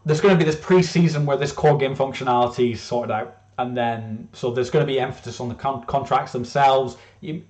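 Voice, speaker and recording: A man's voice: medium pitch, a little mellow. A man presenting his own game casually, rambling with lots of fillers and restarts.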